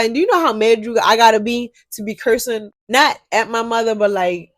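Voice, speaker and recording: A young woman telling a story to her viewers in a casual vlog, animated and swearing freely. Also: a little high, fairly quick, no room sound. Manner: animated, profane, talks straight to viewers. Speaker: storyteller vlogger.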